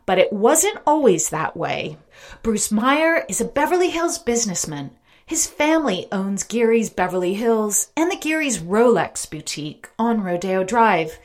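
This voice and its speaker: Female podcast host, measured read, lively intonation. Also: medium pitch. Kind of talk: scripted narration.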